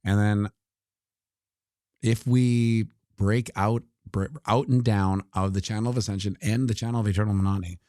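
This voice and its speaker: Deep mellow guy rambling over crypto charts, cracks little jokes, dry close mic. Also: steady tone, normal speed, dry recording. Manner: joking asides, talks while scrolling. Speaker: crypto market commentator. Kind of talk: casual live chart commentary.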